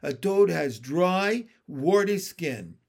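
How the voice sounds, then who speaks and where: A man's voice: on the high side, sing-song, takes it slowly, heavily acted. A man reading a storybook aloud and voicing a patient, bossy female pond frog who lectures in a teacherly way.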